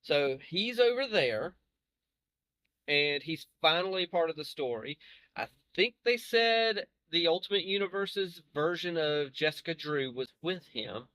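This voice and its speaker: A man's voice: on the high side, expressive, a little slow, pushed and bright, no echo. A man hosting a reaction video, talking casually to viewers in a rambling, self-correcting way with chuckles. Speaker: reaction channel host.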